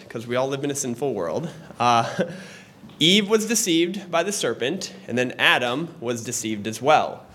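A man's voice: fairly high pitch, a bit bright, slight background noise. Man teaching a Sunday school class. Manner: conversational, with pauses and restarts. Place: church classroom.

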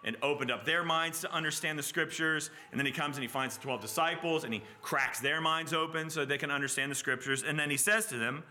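A male preacher with a bright, tense, slightly high voice, delivering an expository sermon. He talks in a lively, conversational way and acts out the quoted lines with small stumbles and laughs. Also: fairly quick, hardly any pauses.

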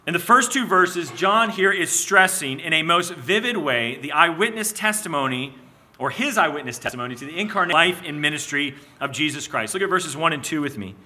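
A man preaching an expository sermon, teaching in a measured way, slowing on key phrases and sometimes restarting his words. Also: a little high, lively intonation, pushed and bright, a little hiss or hum. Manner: restarts and repeats words as he goes.

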